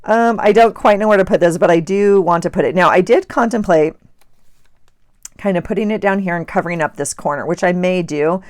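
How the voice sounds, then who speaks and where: A woman's voice: lowish voice, brisk, a little mellow, dry recording, studio quality. A middle-aged woman chatting casually and rambling with self-amusement while she works on her journal pages. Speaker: journaling vlogger. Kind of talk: casual chat while crafting.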